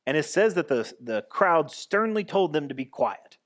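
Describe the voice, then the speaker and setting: A man's voice: a little high, sing-song, normal speed, fairly bright tone. A man pastor giving a conversational sermon, restarting and repeating phrases as he goes.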